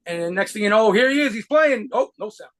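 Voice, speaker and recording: A man telling rapid, profanity-laced stories as a guitarist being interviewed. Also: sits high, animated. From United States. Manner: rapid profane anecdotes with laughs. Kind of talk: fast storytelling interview.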